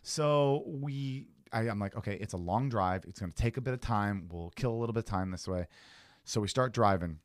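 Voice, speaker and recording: A man telling a long story in casual chat, acting out the people he quotes with big jumps in pitch. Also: a little fast, no room sound, clean studio sound.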